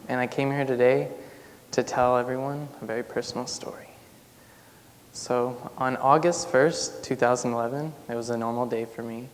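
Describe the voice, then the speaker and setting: A man's voice: medium pitch, fairly even intonation, normal speed. A young male student on stage tells a personal story in a casual style, with a lot of "like" fillers. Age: young adult. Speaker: student speaker. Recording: long hall reverb, faint noise.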